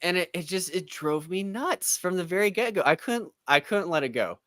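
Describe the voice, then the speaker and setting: A man's voice: high-pitched, expressive, normal speed, a bit bright, no room sound, studio quality. A man co-hosting a casual spoiler chat, ranting in an exasperated tone and mocking what he dislikes with quoted asides. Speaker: podcast co-host.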